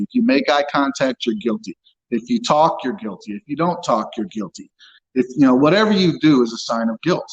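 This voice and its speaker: A man's voice: medium pitch, very animated, a little fast, dull audio. Blunt, swearing man recounting his story. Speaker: interview guest. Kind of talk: candid personal account.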